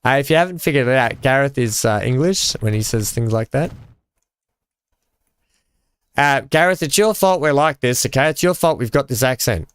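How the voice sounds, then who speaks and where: Male streamer, smooth clear voice, dry close mic, chatty with chat. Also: mid-range voice, animated, moderate pace, no echo. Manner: chatty, reads chat aloud and greets viewers with many fillers. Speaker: live-streaming gamer. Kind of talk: casual live-stream commentary while building.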